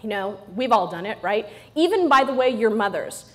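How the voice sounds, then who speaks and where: A woman's voice: fairly high pitch, lively intonation, moderate pace, a bit bright. A middle-aged woman giving a humorous motivational talk to a live audience, playful and joking, often checking in with the crowd. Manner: playful and joking, with frequent "right?" asides to the audience. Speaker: motivational speaker.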